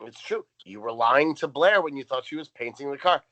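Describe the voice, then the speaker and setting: A man's voice: medium pitch, lively intonation, brisk, bright, forceful tone, dull audio. A young man co-hosting a casual podcast recap, sarcastic and swearing as he reads out plot notes. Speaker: podcast co-host.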